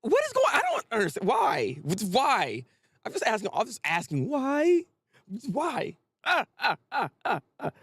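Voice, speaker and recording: An excitable man reacting live to a manga chapter, his fairly high voice swinging widely up and down as he rants in slang. The sound is dry, with no room echo. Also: measured pace, slightly rough.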